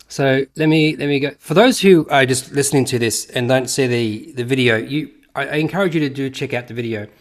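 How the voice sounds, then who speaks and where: An Australian man hosts a podcast interview, firing off questions quickly. He keeps a friendly, joking tone, and his pitch sits in the middle of the range. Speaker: podcast host. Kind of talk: casual interview chat.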